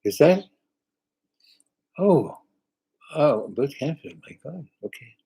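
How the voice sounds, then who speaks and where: An older man casually chatting live and reading out viewer comments, halting and rambling, with frequent "uh" and "you know" and light chuckles. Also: fairly high pitch, very animated, creaky, mellow, slightly rough, rough recording. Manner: chuckles often. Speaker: singer hosting a live chat.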